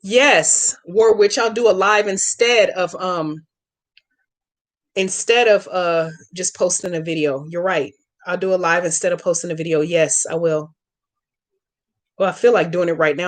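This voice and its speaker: A woman's voice: lowish voice, steady tone, moderate pace. A woman hosting a live stream, chatting casually with viewers by name and talking back to their comments in a blunt, profane, outspoken way.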